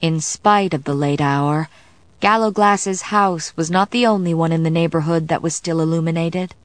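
An audiobook narrator reads a novel aloud from a script in a low-pitched woman's voice, keeping her delivery measured and even. The recording is close and dry, with no room sound.

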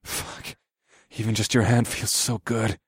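A man voicing an ardent young husband in an audio story, talking low with a growl. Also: little pitch movement, a little slow, breathy edge, no room sound, clean studio sound. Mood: hushed.

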